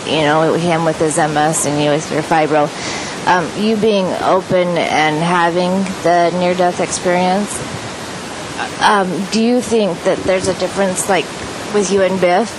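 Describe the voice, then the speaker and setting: A woman putting a hesitant question to the speaker, pausing with many fillers. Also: fairly low pitch, steady tone, background noise. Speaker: interviewer asking a question.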